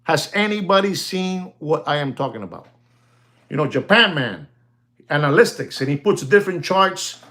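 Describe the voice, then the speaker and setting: A man selling watches in a casual, rambling talk, often calling out to ladies and gentlemen and laughing as he goes. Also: fairly high pitch, lively intonation, normal speed. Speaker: watch dealer. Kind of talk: casual chat.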